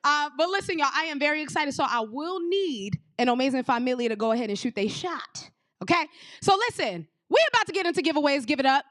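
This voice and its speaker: A woman's voice: sits high, fast, no echo. A woman from Brooklyn, hosting a live stage show with lots of energy, calling out to the crowd. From Brooklyn, New York. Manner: energetic, hype, addresses crowd as y'all. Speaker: show host. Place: stage of a performing arts venue.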